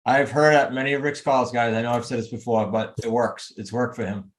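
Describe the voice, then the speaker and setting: A man leads a group coaching call over video in a mid-range voice. He talks emphatically and pushes his listeners with motivational energy. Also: medium pitch. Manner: emphatic, motivational, rapid asides. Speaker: real estate coach.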